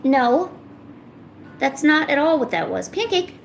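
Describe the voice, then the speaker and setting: A young woman streaming, coaxing and teasing her cat in a playful, high-pitched baby-talk voice. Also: slow, slight background noise. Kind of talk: live-stream chat.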